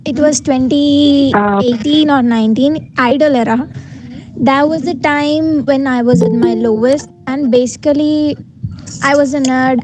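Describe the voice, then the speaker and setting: A woman, telling a personal story on a video call in a reflective, measured way. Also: high voice, noisy background. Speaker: fan guest on a video call.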